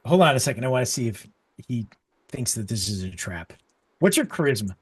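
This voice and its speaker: A man's voice: mid-range voice, very animated, a little fast, breathy edge. A man narrating as game master of a tabletop game, describing scenes loosely with lots of fillers.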